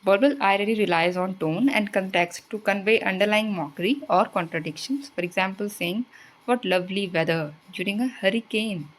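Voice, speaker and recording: A woman's voice: medium pitch, a little fast, few pauses, low-quality recording. A woman, teaching exam prep by reading quiz questions and explaining the answers. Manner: reads out questions then explains answers, switching into Hindi asides.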